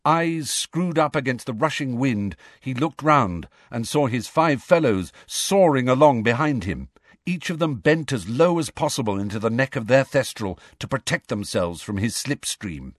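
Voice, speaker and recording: Man, mid-pitched audiobook narrator, animated delivery, dry close mic. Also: normal speed, no room sound. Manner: expressive, dramatic reading. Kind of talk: scripted storybook narration.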